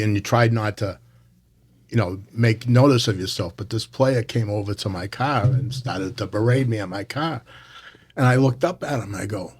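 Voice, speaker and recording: A man's voice: lowish voice, darkish tone. A man who works as a baseball umpire, telling stories about the job in casual chat with earnest emphasis.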